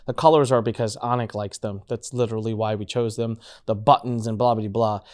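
A man hosting a casual business talk, telling stories with lively acted-out quotes. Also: fairly quick, clear, resonant tone. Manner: animated storyteller, acts out quotes with big pitch jumps. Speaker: podcast host.

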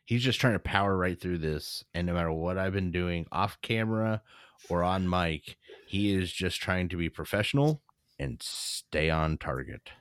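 A man's voice: low voice, moderate pace, no room sound, studio quality. A man co-hosting a casual podcast, teasing and cracking jokes at his partner. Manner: teasing, wisecracking. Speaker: podcast co-host. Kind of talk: joking casual chat.

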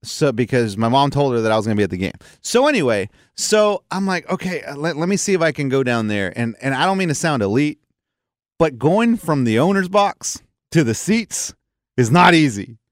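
A man's voice: medium pitch, very animated, normal speed, no room sound, clean studio sound. A man telling sports stories in casual chat, acting out quotes with big vocal jumps. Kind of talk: casual chat, animated storytelling.

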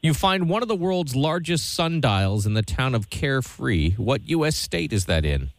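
Animated, joking male radio co-host. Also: mid-range voice, normal speed, slight background noise. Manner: joking, easygoing, animated delivery. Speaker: radio co-host and quiz reader. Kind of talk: casual radio banter.

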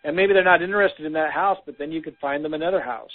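A man's voice: fairly high pitch, fast. A man co-hosting a casual business talk, giving practical advice with frequent "um" fillers, heard over a phone line. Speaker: podcast co-host.

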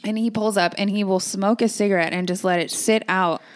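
A woman's voice: mid-range voice, steady tone, a little fast. A young woman co-hosting a casual podcast, speaking bluntly and swearing offhandedly. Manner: blunt, swears casually, plain conversational delivery. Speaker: podcast co-host. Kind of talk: casual chat.

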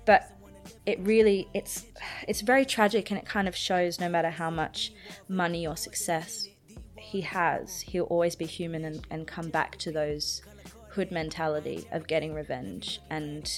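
A woman's voice: fairly low pitch, fairly even intonation, a little slow, soft background music. A woman co-hosting a casual album discussion, thoughtful and hesitant, with many ums. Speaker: podcast co-host.

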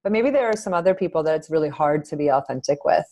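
A woman's voice: low voice, animated, quick pace, dark tone, dull audio. A woman psychologist as a podcast guest, speaking earnestly and reflectively and thinking aloud with frequent fillers. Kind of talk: podcast interview.

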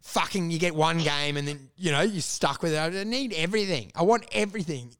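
A man hosting a casual podcast chat, excitable, swearing freely and laughing often as he acts out imagined exchanges. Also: fairly high pitch, fairly quick, smooth. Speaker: podcast host.

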